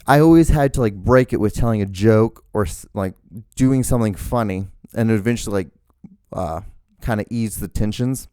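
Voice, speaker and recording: A young man hosting his own show, telling rambling, animated stories with lots of fillers and casual swearing. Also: medium pitch, no room sound, studio quality. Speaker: podcast host. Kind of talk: casual storytelling monologue.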